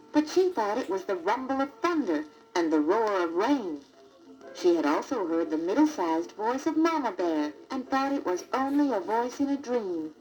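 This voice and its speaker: A woman narrating a children's storybook record in a deliberate, expressive read-aloud manner. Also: medium pitch, rough recording.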